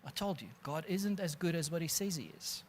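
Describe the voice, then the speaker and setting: A preacher voicing a sly male devil, whispering temptations in a hushed, coaxing way during a sermon. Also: on the high side, a little fast, slight background noise, lightly acted.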